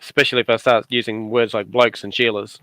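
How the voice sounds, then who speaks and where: A man's voice: mid-range voice, flat delivery, fast talker, pushed and bright, smooth. A middle-aged man with an Australian accent giving playful, teasing commentary on a casual craft livestream. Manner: playful, teasing, dry asides.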